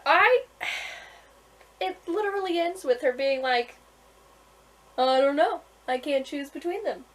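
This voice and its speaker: Woman, high voice, giggly, chatty vlogger, faint background noise. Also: a bit bright, low-quality recording. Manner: giggly, keeps breaking into laughter; chatty, with many fillers and restarts. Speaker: author reading aloud from her own book. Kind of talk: casual vlog chat and reading aloud.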